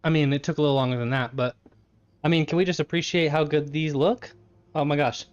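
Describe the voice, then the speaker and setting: A man's voice: fairly high pitch, steady tone, fairly quick, clean tone, highs cut off. A man live-streaming from his home kitchen, chatting casually with his chat, laughing often and eating as he talks.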